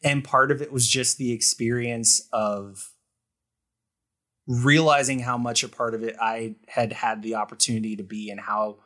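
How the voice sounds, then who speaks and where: A man's voice: mid-range voice, fairly even intonation, normal speed, bright, forceful tone. A man talking as a guest on a podcast in a loose, rambling way, full of fillers and restarts. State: choked up. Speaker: guest artist. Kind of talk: casual podcast chat.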